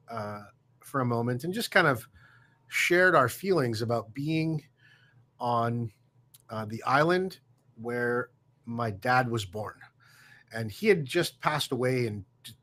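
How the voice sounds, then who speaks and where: A man recounts a personal story as a guest, slowly and reflectively, with pauses and fillers. His voice is bright and forward, at a middling pitch. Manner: warm, reflective, halting with fillers. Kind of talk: casual storytelling.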